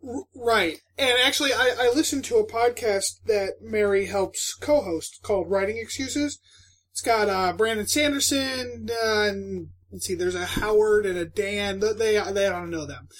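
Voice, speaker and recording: A man's voice: high-pitched, moderate pace, fairly bright tone. A man co-hosting a book podcast, chatting casually with dry, teasing banter. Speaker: podcast co-host. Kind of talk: casual chat.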